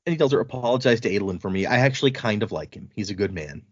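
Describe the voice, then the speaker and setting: A man chats casually on a podcast, retelling a story in loose paraphrase with easy laughs and a swear here and there. His voice sits at an ordinary pitch, close to the mic. The sound is dry and a bit dull and lo-fi. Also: lively intonation, rapid-fire, dry recording. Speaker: podcast co-host recapping book chapters. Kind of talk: casual chat. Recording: dull, slightly lo-fi podcast audio.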